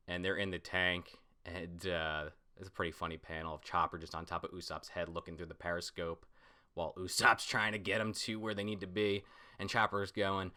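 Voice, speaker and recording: A man hosting a casual manga reaction, talking excitedly and swearing now and then. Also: low-pitched, moderate pace.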